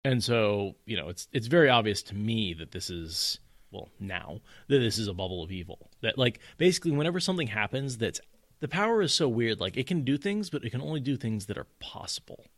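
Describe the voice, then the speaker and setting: A man's voice: mid-range voice, big pitch swings, brisk, a bit bright, no echo. A man co-hosting a podcast, talking through a fantasy novel in casual chat and mocking the characters in put-on voices. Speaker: podcast co-host. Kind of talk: casual book discussion.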